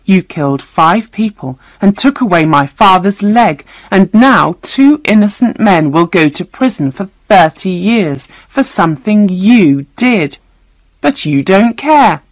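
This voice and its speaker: A woman's voice: medium pitch, expressive, measured pace, dry recording, pitched above the performer's own voice. A woman reading a storybook voices a frightened, angry young woman who accuses her captors through tears. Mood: accusing. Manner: accusing, tearful.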